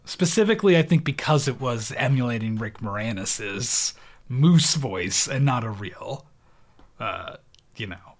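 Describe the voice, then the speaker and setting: A man's voice: mid-range voice, expressive, measured pace. A man in his thirties co-hosting a podcast, recapping a film in casual chat with joking asides and frequent laughs. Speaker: podcast co-host.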